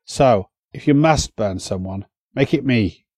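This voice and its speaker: A man's voice: mid-range voice, animated, a little slow, a little mellow, husky, no room sound, studio quality. A man doing a wounded, defiant English lord. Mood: weak, defiant. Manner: weak, pained.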